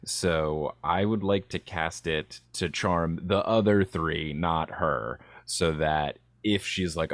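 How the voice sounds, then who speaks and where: A man's voice: deep voice, fairly even intonation, slow, few pauses, dry recording. A man thinking aloud and laughing easily as a player in a tabletop game. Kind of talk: tabletop game play chat.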